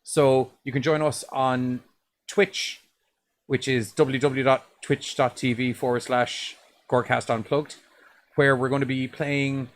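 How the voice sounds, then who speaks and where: A man's voice: mid-range voice, little pitch movement, a little slow. A man co-hosting a horror podcast in casual chat, rambling with restarts and swearing. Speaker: podcast co-host.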